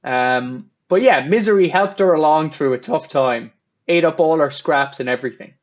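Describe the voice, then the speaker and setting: A man hosting a casual film review podcast, talking in an animated way. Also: on the high side, normal speed. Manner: animated, acts out scenes. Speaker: podcast host.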